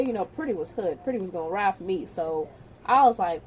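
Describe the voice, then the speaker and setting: A woman's voice: medium pitch, brisk, slight background noise. Chatty woman vlogger telling a story. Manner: animated, chatty retelling with repeats. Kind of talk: casual storytime.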